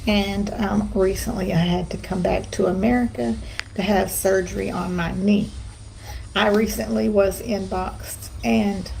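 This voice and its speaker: A woman chatting quickly and cheerfully in a casual vlog to her followers. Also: medium pitch, steady tone, creaky, darkish tone, a little hiss or hum, poor audio. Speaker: social media creator.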